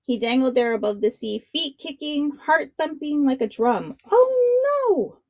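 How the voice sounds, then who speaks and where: Expressive woman reading a children's story. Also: high-pitched, moderate pace, no echo, muffled recording. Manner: expressive, dramatic narration. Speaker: children's book reader. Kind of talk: read-aloud storytelling for children.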